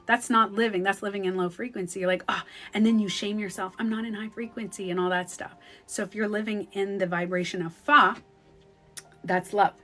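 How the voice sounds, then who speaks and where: A woman talking casually as a spiritual coach on a phone livestream, animated and acting out the voices she quotes. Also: mid-range voice, fairly quick, soft background music.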